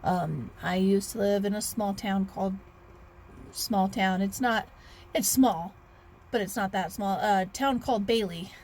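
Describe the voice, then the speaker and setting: A woman's voice: medium pitch, measured pace, a little mellow, a little hiss or hum. A woman in her thirties, chatting casually in a rambling vlog with restarts and sighs. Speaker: author vlogger.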